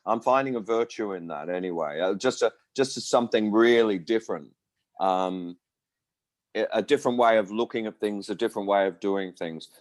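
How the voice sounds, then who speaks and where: A man's voice: on the low side, a little mellow, no echo. A man in his sixties from Australia, talking casually in an interview as a musician, rambling through stories and acting out the voices of people he quotes. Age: 60s. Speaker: musician guest.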